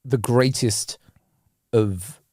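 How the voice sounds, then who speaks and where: A young man co-hosting a casual podcast chat, slangy and quick to laugh. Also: medium pitch, husky, dry recording, studio quality. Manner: animated, slangy, laughs often. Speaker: podcast co-host.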